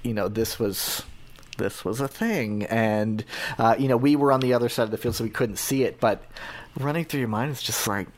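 A man's voice: medium pitch, moderate pace. A Canadian man as a podcast guest, chatting casually and rambling with many fillers and restarts.

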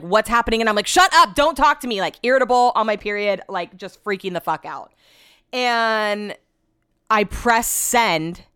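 A woman's voice: mid-range voice, fairly bright tone, clear, resonant tone, no echo, clean studio sound. A woman hosting a podcast, telling a story in a casual, rambling way, full of "like"s and frank swearing. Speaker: podcast host.

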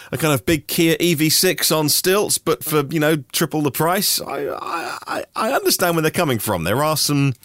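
A man's voice: medium pitch, fairly bright tone, no echo, clean studio sound. A man from Norfolk hosting a daily news podcast, reading through stories in a chatty way with personal asides. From Norfolk, England. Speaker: podcast host.

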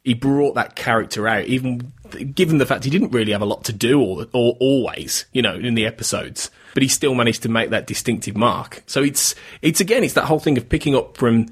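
A man's voice: medium pitch, fairly quick, husky. A man co-hosting a podcast, chatting casually and stumbling over his words with restarts. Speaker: podcast co-host. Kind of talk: casual discussion.

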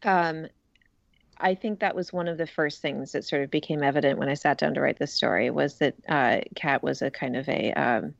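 Woman author, deep voice, casual and hedging, dry dull recording. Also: normal speed, gravelly, no echo. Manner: casual, full of ums and hedging. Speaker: picture book author. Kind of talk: interview answers.

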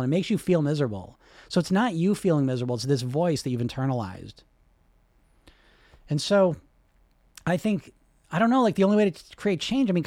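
A man coaching on weight loss and hypnosis in a casual, animated talk, often swearing and asking "right?". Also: a little high, no echo, clean studio sound. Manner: animated, swears freely, many fillers like "right?".

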